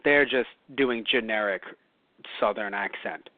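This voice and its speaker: A man's voice: fairly low pitch, a little slow, no echo. A man from New York co-hosting a casual talk show, rambling and correcting himself with lots of fillers. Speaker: podcast co-host. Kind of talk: casual chat. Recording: dry, phone-like lo-fi audio.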